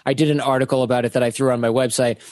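A man's voice: medium pitch, rapid-fire, no echo. Man explaining security tips plainly. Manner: steady, practical explainer. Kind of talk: explanatory advice.

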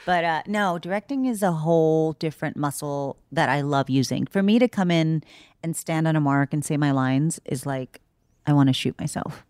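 A woman with a low, dry-sounding voice talks animatedly about acting and directing. She laughs often and speaks in an easy, casual interview style. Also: moderate pace, a little mellow, no room sound. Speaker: actress and director.

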